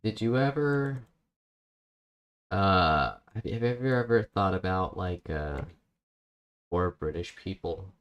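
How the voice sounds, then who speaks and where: A man's voice: low voice, lively intonation, takes it slowly, pauses often, highs cut off. A young man chatting casually and joking while he codes a game, thinking aloud as he types. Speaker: game developer. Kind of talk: casual chat while coding.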